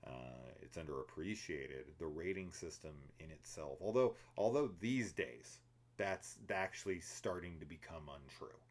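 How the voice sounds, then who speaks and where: Very deep-voiced man ranting about films. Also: animated, a little slow. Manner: profane, rambling and opinionated; laughs and mimics characters while telling the plot. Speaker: film review podcast host. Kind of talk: casual spoiler discussion.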